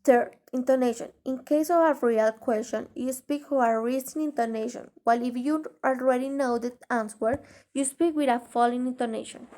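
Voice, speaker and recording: A woman teaching an English grammar lesson in a halting way, pausing mid-sentence and reading example sentences aloud. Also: sits high, dark tone. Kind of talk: grammar lesson explaining tag questions.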